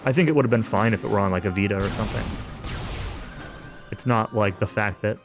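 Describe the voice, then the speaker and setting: A man with a lowish voice chats his way through a game session, hedging and circling back on his own points. His humor stays dry and self-aware. Game music plays clearly under his voice. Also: quick pace. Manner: rambling and hedging, with frequent fillers. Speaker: let's-play streamer. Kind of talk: casual gameplay commentary. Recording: game music playing behind the voice.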